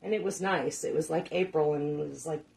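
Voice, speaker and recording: A woman's voice: low-pitched, brisk, creaky, a little mellow. A middle-aged woman hosting a casual cooking livestream, chatting with viewers, swearing casually and laughing often. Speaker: cooking show host.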